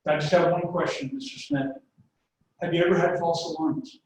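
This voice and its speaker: A man running a webinar sales presentation, pitching his points through homespun stories and direct questions to the listeners. His fairly high voice comes from a mic set some way off. The room is strongly echoey, with a faint hiss underneath. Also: little pitch movement, fast talker, a little mellow, distant mic. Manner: folksy, anecdote-driven, talks straight to the audience. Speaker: sales trainer.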